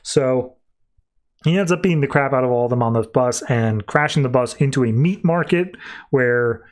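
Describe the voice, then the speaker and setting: Guy on a podcast recapping a comic issue, rambly, lots of likes and ums. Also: mid-range voice. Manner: quick, rambling, filler-heavy retelling. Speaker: podcast host.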